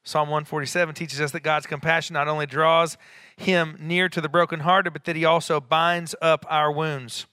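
Bright-voiced pastor preaching with emphatic swells. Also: male voice, a little high, flat delivery, smooth, dry recording, studio quality. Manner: conversational, with quick asides and rising emphatic peaks. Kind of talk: sermon.

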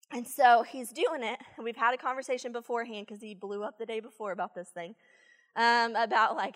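A woman preaching a sermon, telling a story from her teaching days in an animated, chatty way with many fillers. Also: on the high side, big-room sound. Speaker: church speaker, former teacher.

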